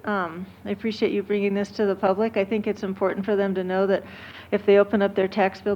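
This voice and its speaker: A woman school board member explaining a point in a public meeting, earnest and measured. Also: medium pitch, a little mellow. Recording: dull lo-fi meeting audio.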